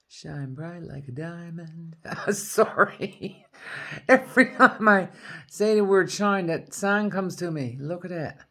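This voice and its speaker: A woman's voice: extremely low pitch, fairly bright tone, a little hiss or hum. A woman from Newfoundland with a Newfoundland accent, chatting casually with her viewers while crafting at home and laughing often. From Newfoundland, Canada. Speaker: crafting vlogger.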